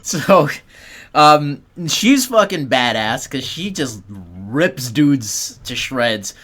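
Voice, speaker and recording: A man's voice: medium pitch, very animated, drawn-out words, a bit bright. Man explaining a film at length. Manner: explains at length, swears casually. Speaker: podcast co-host. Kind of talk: casual movie review chat.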